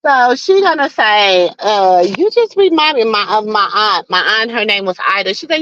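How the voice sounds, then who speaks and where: A woman hosts a live stream in a slightly high, very animated voice at a moderate pace, barely pausing, her tone fairly bright with no room sound. She chats in a folksy, preachy way, calling her viewers baby and child and repeating "you know what I'm saying." The live stream audio is dull and lo-fi.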